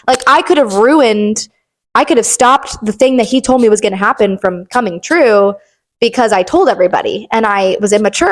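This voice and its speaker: A young woman hosting a faith podcast, talking earnestly in a rambling way with lots of filler words. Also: mid-range voice. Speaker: podcast host. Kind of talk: casual faith podcast chat.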